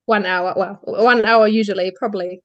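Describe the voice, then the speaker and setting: A woman's voice: medium pitch, fairly even intonation, normal speed, muffled recording. A woman guest on a podcast, candidly recounting her birth story and laughing lightly between phrases. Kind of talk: personal birth story in an interview.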